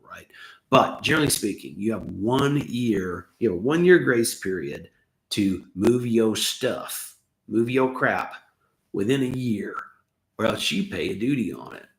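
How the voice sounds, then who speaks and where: An American man with a Southern accent under a Los Angeles one, a channel host rambling through viewer questions with joking, self-deprecating asides, his voice getting worn from talking. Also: fairly low pitch. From United States. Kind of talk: casual livestream chat. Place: his home. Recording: echoey room.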